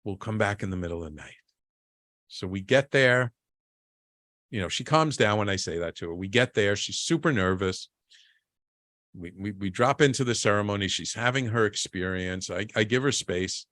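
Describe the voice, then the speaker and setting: A man as an interview guest telling a personal story in a lively way. He often restarts and repeats words, and he acts out the people he quotes. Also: lowish voice, moderate pace, dry recording, studio quality. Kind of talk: conversational storytelling.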